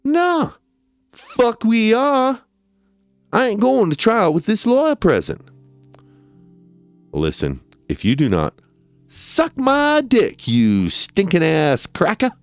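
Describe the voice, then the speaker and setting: Man putting on a high shrill courtroom defendant, crude and taunting, yelling, wildly swinging pitch, dry close sound. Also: wildly swooping pitch, slow, long pauses, no echo, soft background music, full character voice. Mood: defiant. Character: loud defiant male defendant in court. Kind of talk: dramatic reading of a trial transcript.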